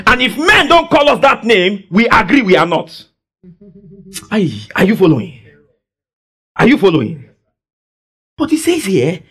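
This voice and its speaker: A fervent male preacher with a very high voice that swings widely up and down. He leads the congregation in call-and-response and keeps breaking into exultant shouts. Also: very animated, unhurried, pauses often, slightly rough. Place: church service.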